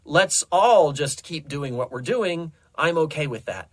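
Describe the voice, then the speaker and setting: A man's voice: fairly high pitch, animated, measured pace, breathy edge, dry recording, pitched above the performer's own voice. A man voicing a nervous young male test subject who stammers and backpedals. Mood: flustered.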